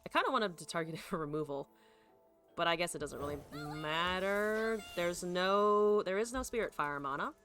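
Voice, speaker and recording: A woman's voice: on the low side, lively intonation, normal speed, a bit bright, faint music behind. A woman streamer thinking aloud through a card game, swearing freely and chatting to her viewers. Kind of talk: live gameplay commentary.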